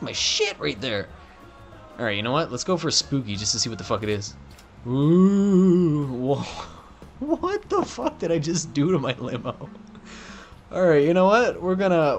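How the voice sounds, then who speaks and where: A man's voice: medium pitch, a bit bright. A young man doing profane, joking let's play commentary on a game. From Canada. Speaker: gaming commentator.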